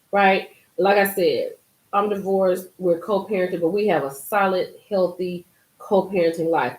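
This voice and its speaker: A woman hosting a casual live-stream commentary, emphatic and animated, reading and reacting to viewer comments. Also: on the low side. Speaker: YouTube commentary host. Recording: roomy echo.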